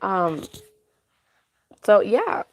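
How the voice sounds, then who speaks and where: A woman's voice: mid-range voice, sing-song, very slow. Woman, tired, casual call-in chat, scattered and laughing, sing-song with a baby. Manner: chatty, scattered, laughs often. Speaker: podcast host.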